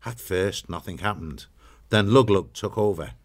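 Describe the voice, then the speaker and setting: A man narrating a storybook in a steady, measured way. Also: sits low.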